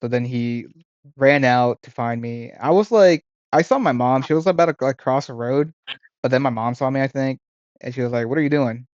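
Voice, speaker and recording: A young man in casual chat as a podcast co-host, telling a memory haltingly with many fillers. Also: medium pitch, darkish tone, no echo. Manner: hesitant, full of fillers and restarts. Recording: dry, dull lo-fi sound.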